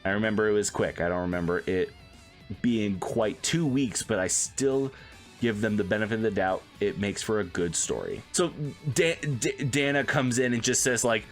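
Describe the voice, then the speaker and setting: A man's voice: fairly low pitch, expressive, moderate pace, soft background music. A man streamer reading an article aloud, breaking off for casual asides and acting out quotes in put-on voices.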